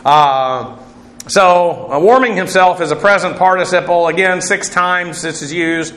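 Bright-voiced pastor teaching in an echoey room. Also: male voice, sits high, a little slow. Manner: methodical, spells out words letter by letter, many uh fillers. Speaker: pastor teaching a Bible class. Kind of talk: verse-by-verse Greek word study.

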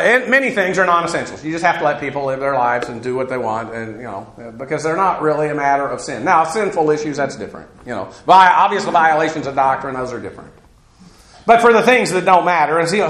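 Guy teaching bible verse by verse, kinda higher voice, folksy rambling asides, echoey room. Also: a bit bright. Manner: folksy, digressive, chuckles at own asides.

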